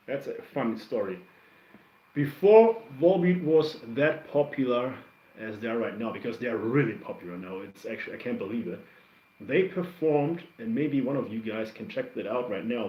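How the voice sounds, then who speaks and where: A man hosting a livestream, casually chatting through viewer comments and telling stories in a rambling, animated way with lots of restarts. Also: mid-range voice. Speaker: livestream host reacting to music. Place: home. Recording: roomy, somewhat dull stream audio.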